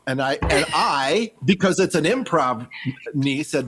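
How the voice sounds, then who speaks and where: A man's voice: a little high, expressive, moderate pace, a bit bright, a little hiss or hum. A man improv comedian telling a rambling, laughing anecdote in casual chat.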